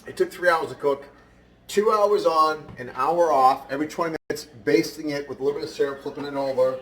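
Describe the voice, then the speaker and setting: A man's voice: fairly high pitch, brisk, a bit bright, echoey room. A man hosting a casual home cooking show, chatting straight to his viewers.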